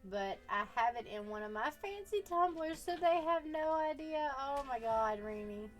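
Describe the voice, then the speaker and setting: A woman's voice: high-pitched, expressive, moderate pace, soft background music. A woman casually chatting with her viewers on a live stream, teasing them playfully and laughing often.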